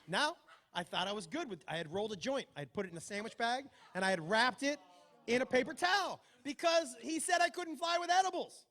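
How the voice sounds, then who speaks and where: Bright, high-pitched stand-up comedian. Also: male voice, brisk. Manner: animated, acts out both sides with profanity. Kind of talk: stand-up storytelling.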